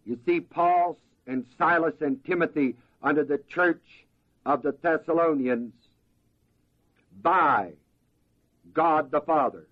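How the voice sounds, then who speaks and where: A man preaching a slow, deliberate verse-by-verse sermon as pastor, pausing to ask the congregation to fill in words. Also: fairly high pitch, muffled recording.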